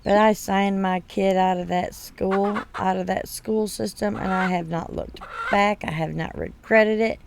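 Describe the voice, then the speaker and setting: Woman streamer in her 30s, unhurried and gravelly; blunt, swears freely while chatting over a game. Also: mid-range voice, steady tone, a little hiss or hum. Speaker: gaming streamer. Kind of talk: casual storytelling over gameplay.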